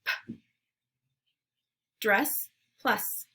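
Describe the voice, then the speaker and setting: A female teacher runs a phonemic awareness lesson, pronouncing words and sounds slowly and clearly with brief encouragement between drills. Her tone is sharp and her enunciation careful.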